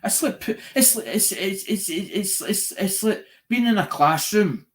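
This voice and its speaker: A man's voice: high-pitched, expressive, unhurried. A man ranting in a live-stream monologue, swearing a lot, repeating himself and restarting his sentences. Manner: sweary, repetitive, restarts often.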